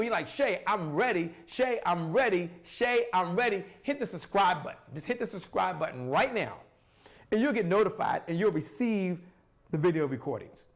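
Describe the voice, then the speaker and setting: A man with a high-pitched voice gives an energetic live-stream sales talk. He asks himself questions, answers them and repeats phrases for emphasis. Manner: pauses to sip water. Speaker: sales coach.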